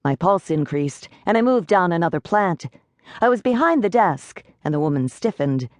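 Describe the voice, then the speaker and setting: A woman reading a first-person audiobook in a steady, measured way. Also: lowish voice, no echo, clean studio sound. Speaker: audiobook narrator.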